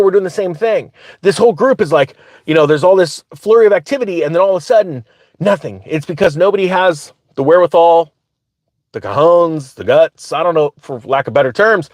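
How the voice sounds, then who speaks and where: A man hosting his own channel, telling a story in a casual, animated way and often laughing as he talks. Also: high voice, dry recording, clean studio sound. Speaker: finance commentator, channel host.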